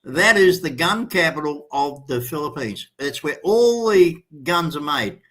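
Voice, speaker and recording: A man's voice: fairly high pitch, unhurried. A man hosting a live stream, telling a story in a casual way and acting out the other people in it. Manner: animated storyteller acting out quoted voices. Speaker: show host.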